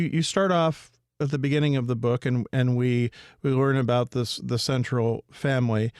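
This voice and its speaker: A man's voice: medium pitch, smooth, dry recording, studio quality. A man hosting a radio book show, asking long, winding questions with restarts. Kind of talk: radio interview. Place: radio studio.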